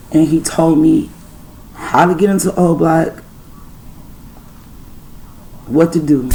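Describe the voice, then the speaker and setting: Gravelly-voiced woman telling a story. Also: deep voice, warm tone, slight background noise, rough recording. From Detroit, USA. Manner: profane, rambling spiritual storytelling. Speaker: channel host. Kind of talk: storytime vlog.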